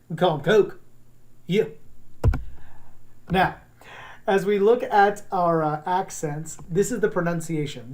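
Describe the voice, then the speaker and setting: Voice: mid-range voice, a little mellow. A drama teacher from the States, giving a recorded online class in a chatty way that wanders into asides. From Southern United States. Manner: chatty, wandering into asides, drops into quick accent demos.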